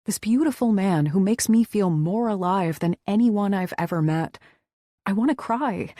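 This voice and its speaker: A woman's voice: mid-range voice, mellow, no echo, clean studio sound. Woman narrating a romance audiobook. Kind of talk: first-person romance narration.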